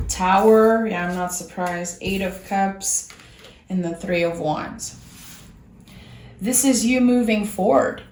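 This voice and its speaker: A woman's voice: mid-range voice, slow pace, long pauses, darkish tone, slight background noise. Earnest French-accented woman, echoey room. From France. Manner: earnest and reassuring, speaking straight to the viewer. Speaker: tarot reader. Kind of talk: tarot reading monologue.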